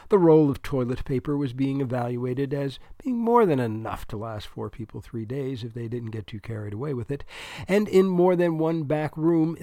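A male audiobook narrator reads a comic story in a wry, deadpan way, slipping in small asides to the listener. His pitch is ordinary and middling, and the recording is very dry and close, with no room sound or echo.

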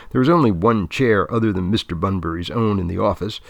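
A man reading a story aloud as narrator in a measured, deadpan manner. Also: lowish voice, gravelly, dry recording.

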